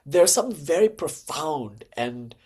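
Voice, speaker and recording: A man's voice: fairly high pitch, a little slow, breathy edge. A man giving an informal lecture on Hindu philosophy. He talks in a conversational way, full of "like" and "you know" fillers. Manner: animated, jumps to lively acted-out dialogue.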